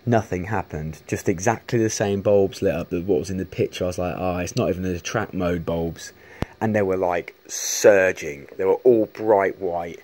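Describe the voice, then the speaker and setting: A man's voice: low-pitched, fairly even intonation, moderate pace, a little mellow. A man chatting casually to camera, rambling with many restarts and casual swearing. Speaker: vlogger showing arcade machines.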